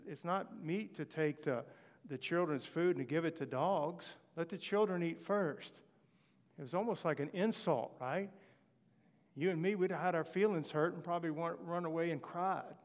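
A man preaching a sermon, retelling scripture stories with animated delivery and voicing the people he quotes. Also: a little high, measured pace, in a large hall.

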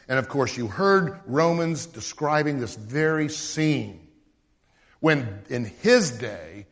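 A male pastor preaching a sermon in an animated way, acting out the voices of the people he quotes. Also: medium pitch, slow pace, big-room sound.

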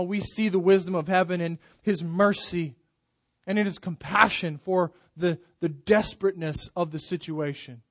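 A man's voice: high voice, no room sound. Man preaching with rising and falling force. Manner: emphatic preaching, swells loud then drops soft. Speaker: pastor. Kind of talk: sermon.

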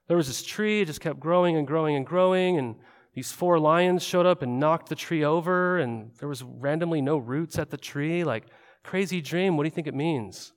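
Male pastor, casual sermon delivery, slightly high voice, long hall reverb. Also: brisk. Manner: conversational, acts out quotes.

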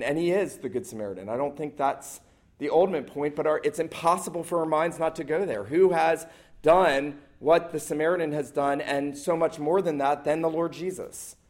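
A man's voice: on the high side, darkish tone. A man preaching a sermon to a church congregation as the pastor, earnest and emphatic, stacking up short repeated phrases.

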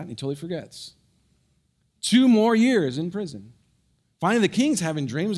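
A male pastor delivers a sermon, telling a story with lively energy before sinking soft and low to drive a point home, stumbling and restarting quickly along the way.

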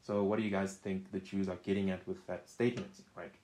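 A man's voice: deep voice, level tone, a little fast, a little mellow. A man teaching a Bible study, reading scripture aloud with rising emphasis and often checking in with "right?". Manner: conversational, keeps checking in with "right?".

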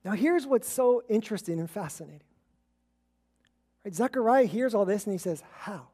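A woman preaching a relaxed, conversational sermon, telling stories and chuckling as she acts out the people in them. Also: mid-range voice, moderate pace, breathy edge. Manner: storytelling, acts out quoted voices, chuckles.

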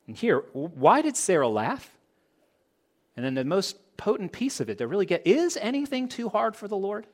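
A man's voice: sits high, sing-song, normal speed. A man preaching a sermon to a congregation, asking the listeners rhetorical questions. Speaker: pastor.

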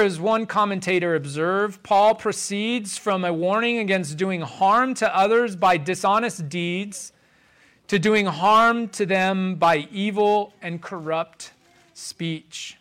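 A pastor delivering a sermon in a measured, deliberate way, slowing down to stress key phrases. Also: male voice, sits high, fairly bright tone, clean tone.

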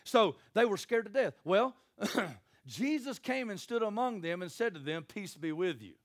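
A man's voice: high-pitched, lively intonation, a little slow, dry recording, studio quality. A man preaching a sermon, folksy and joking, acting out Bible scenes in little voices. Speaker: pastor.

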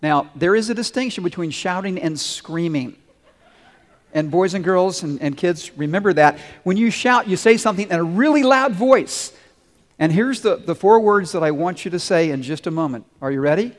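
A man with a high, light voice preaches to his congregation with earnest warmth of purpose. His words ring out in a large sanctuary with a long, lingering reverb. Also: animated, moderate pace. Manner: earnest, leads the congregation in call-and-response. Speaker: pastor. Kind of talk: sermon.

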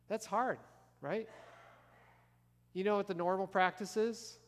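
A man preaching in a fairly high voice, his words ringing through a large church hall with a long tail of reverb. He keeps things conversational and throws questions to the congregation. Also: steady tone, a little slow, pauses often. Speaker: pastor. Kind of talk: sermon.

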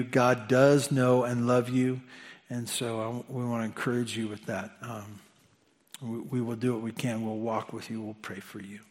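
A man preaching a sermon as pastor, animated and conversational, with humorous asides. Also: medium pitch, normal speed.

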